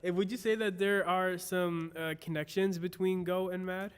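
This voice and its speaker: A man hosting an interview in a studio, friendly and halting with lots of fillers. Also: high-pitched, steady tone, smooth, big-room sound. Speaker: host. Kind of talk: casual interview chat. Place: recording studio.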